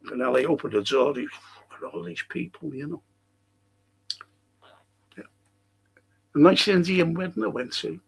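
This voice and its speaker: Gravelly, high-voiced Liverpool man. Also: lively intonation, normal speed, pauses often. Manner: rambling, swears often, laughs at own stories. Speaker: host of a fan live stream. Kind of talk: casual chat reading viewer comments.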